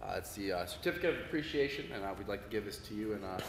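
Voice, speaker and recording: A man's voice: on the low side, expressive, very fast. Hesitant man heard from far off in an echoey hall. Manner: hesitant, many fillers. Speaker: event organizer presenting an award. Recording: far-off mic in an echoey hall with room noise.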